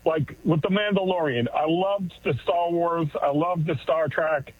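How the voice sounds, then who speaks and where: A man calling in to a radio show, speaking casually and haltingly, restarting his words. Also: fairly high pitch, husky, no room sound. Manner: halting, repeats words when starting. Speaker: radio caller. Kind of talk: casual call-in chat. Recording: tinny phone line.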